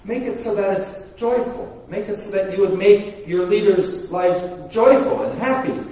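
A male pastor with a high, warm voice preaches unhurriedly and conversationally in a church sanctuary, often restarting sentences and putting rhetorical questions to the congregation. The recording is very echoey and made from far away.

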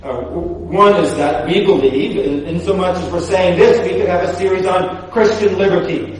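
Here the pastor, a man whose voice sits high, speaks at normal speed, giving his sermon in a casual style full of restarts and rhetorical questions aimed at the congregation. It's captured from a distance in a very reverberant church sanctuary.

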